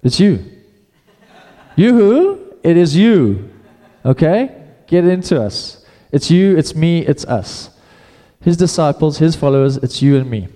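Male pastor, relaxed and chatty delivery, mellow tone, church hall echo. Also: on the high side, normal speed. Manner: casual, conversational preaching with repeated restarts. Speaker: preacher. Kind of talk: sermon.

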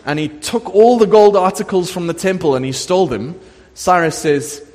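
A middle-aged pastor preaches a sermon in a church sanctuary, telling the story in a lively, animated way and acting out the voices of its characters. His voice is high-pitched and brisk. Long church hall reverb fills the recording.

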